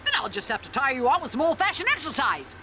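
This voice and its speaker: A woman voicing a stern, bossy head nurse in a cartoon, mock-sweet and domineering, over loud music. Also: high voice, sing-song, fast talker, very noisy. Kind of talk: cartoon voice acting.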